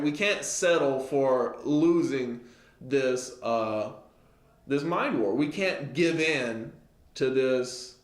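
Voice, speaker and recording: A man's voice: medium pitch, roomy sound. A man giving an informal Bible lesson in a conversational way, often checking in with his listeners. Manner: conversational, many "all right?" check-ins. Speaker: Bible teacher.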